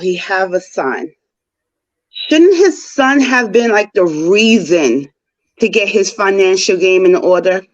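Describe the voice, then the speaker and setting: Woman caller, slow and lively, rhetorical, muffled audio. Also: mid-range voice. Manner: questioning, rhetorical. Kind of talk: opinionated casual debate. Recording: dull lo-fi online audio.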